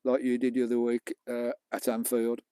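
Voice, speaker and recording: Chatty British man with a dark voice. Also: mid-range voice, monotone, normal speed, clear, resonant tone, no echo. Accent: British English. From England. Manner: chatty, banters with viewers, mild swearing. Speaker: vlogger live-streaming. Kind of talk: casual live-stream chat. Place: outdoors on a beach at night.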